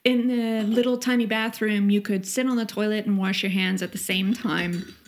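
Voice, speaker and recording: A woman's voice: mid-range voice, steady tone, normal speed. Friendly woman hosting a casual chat. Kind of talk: casual conversation.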